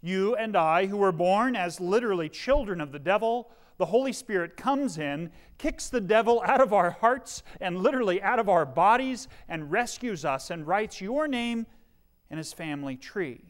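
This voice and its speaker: A man's voice: high voice, lively intonation, normal speed. A middle-aged male pastor preaching a sermon, earnest, with dry humorous asides and shifting volume.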